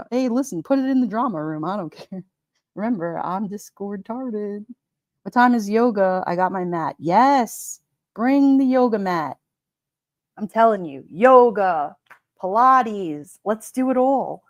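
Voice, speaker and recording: A woman's voice: mid-range voice, a little mellow, no room sound, studio quality. A woman with a Brooklyn accent hosting a casual live stream, chatting, reading out viewer comments and laughing often. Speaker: livestream host.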